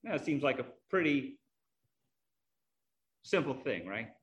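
A man's voice: mid-range voice, very animated, a little slow, lo-fi sound. A man preaching a sermon earnestly, teaching with illustrations.

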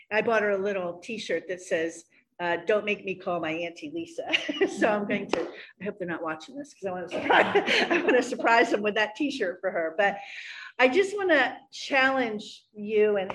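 A woman's voice: mid-range voice, rough recording. A middle-aged woman giving a church talk, telling a personal story in an earnest, storytelling way with fillers. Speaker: guest speaker.

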